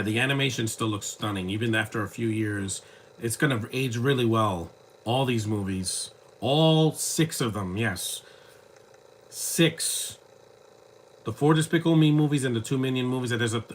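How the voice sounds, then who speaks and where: A man's voice: mid-range voice, brisk, slight background noise. A man giving casual live commentary over a film, with rambling, joking asides. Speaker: movie commentator.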